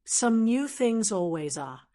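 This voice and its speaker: A text-to-speech woman's voice reading the lines of a cheerful, earnest young woman in a storybook, in an even, measured way. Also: on the low side. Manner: even, measured synthetic delivery.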